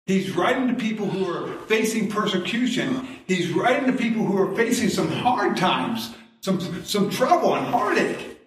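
A middle-aged pastor delivers a sermon with homespun anecdotes, often chuckling at his own humor. His voice sits slightly high and reaches the mic from across the room. A big church echo rings around every word. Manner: folksy storytelling, chuckles at own jokes. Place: church sanctuary. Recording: very echoey church from a distance. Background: congregation responses.

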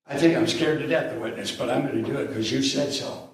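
A man's voice: mid-range voice, fast, reverberant. A man preaching a sermon in a conversational, emphatic way, now and then raising his voice. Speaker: pastor.

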